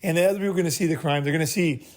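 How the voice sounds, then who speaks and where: A man with a fairly high, darkish voice talks very fast as he leads a group meeting. His casual advice is blunt, profane, and meandering, punctuated by "right?" after each point.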